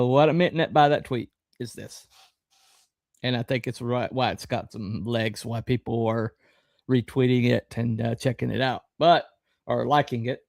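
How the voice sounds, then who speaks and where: A middle-aged man hosting a podcast, talking in a rambling, halting way with lots of fillers and a wry, sarcastic edge. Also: mid-range voice, vocal fry, no echo. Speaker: podcast host. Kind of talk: casual live-stream commentary.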